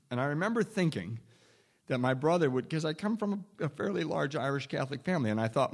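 A man's voice: fairly high pitch, lively intonation, fast. A man telling a candid personal recovery story in a wry, self-deprecating way, often restarting sentences and chuckling. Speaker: speaker sharing a recovery story.

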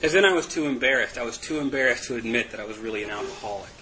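A man's voice: mid-range voice, racing, pushed and bright, a little hiss or hum, poor audio. A man giving a candid, self-mocking personal testimony to a group, laughing often. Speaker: recovery meeting speaker.

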